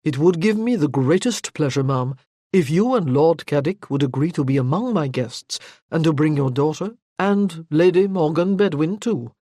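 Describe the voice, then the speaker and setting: A narrator voicing a suave, charming earl who speaks in a smooth, courteous manner. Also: male voice, fairly high pitch, moderate pace, dark tone, dry recording, clean studio sound, lightly acted.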